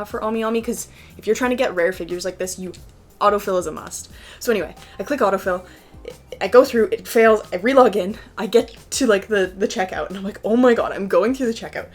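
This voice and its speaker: A young woman chatting excitedly at home as she unboxes collectible figures, with lots of "like" in her talk. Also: fairly high pitch. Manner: excitable and chatty, heavy use of "like". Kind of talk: casual unboxing chat. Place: home room with a PC.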